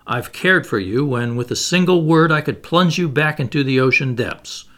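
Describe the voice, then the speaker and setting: A man voicing a stern, reclusive submarine captain who speaks in a cold, measured, commanding way. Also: on the high side, a bit bright, lightly acted.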